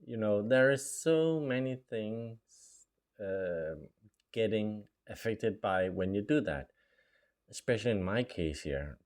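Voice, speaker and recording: A middle-aged man, originally a Norwegian speaker, tells his own story slowly, his fairly low, slightly mellow voice rising and falling with lively intonation. He's chatty and full of fillers and small laughs, and he voices the dialogue he quotes.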